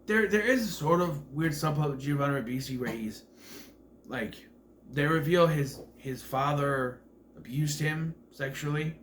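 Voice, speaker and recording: A man's voice: on the high side, unhurried, a bit bright, a little hiss or hum. Rambling man reviewing a film. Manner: rambling, filler-heavy, self-correcting. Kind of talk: casual film commentary.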